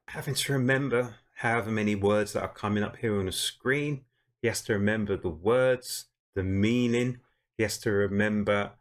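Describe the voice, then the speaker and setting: A man from the UK talks his viewers through a clip in an easy, amazed way. He calls them "guys" and laughs often. His voice sits on the low side. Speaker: reaction channel host. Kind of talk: casual reaction commentary.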